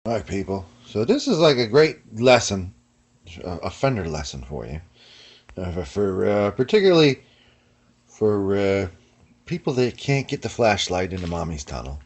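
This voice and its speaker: A man's voice: fairly low pitch, very animated, normal speed, breathy edge. Rambling guy in a workshop vlog. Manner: rambling, slangy, keeps saying "you know what I mean" and "man". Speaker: guitar builder.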